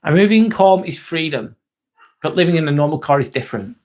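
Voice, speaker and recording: Brief: male live-streamer, casual and sweary, reads chat aloud, slightly higher voice. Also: expressive, fairly quick, a little mellow. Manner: chatty, swears casually, laughs at comments. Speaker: live vlog host reading chat.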